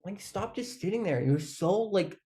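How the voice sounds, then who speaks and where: A man's voice: high voice, animated, normal speed, mellow. A man vlogging in a casual, rambling monologue, full of "like", swearing and frequent laughs.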